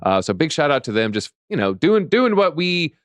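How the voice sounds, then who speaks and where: A man's voice: fairly high pitch, very animated, moderate pace, fairly bright tone, no echo, clean studio sound. Joking man reading crypto headlines. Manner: joking, reads headlines aloud. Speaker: co-host. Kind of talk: casual crypto news chat.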